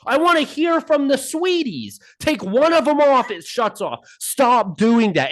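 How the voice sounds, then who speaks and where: Animated ranting male podcast co-host. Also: high voice, normal speed, few pauses. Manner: ranting, mock-angry, animated. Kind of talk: casual podcast banter. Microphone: remote call mic.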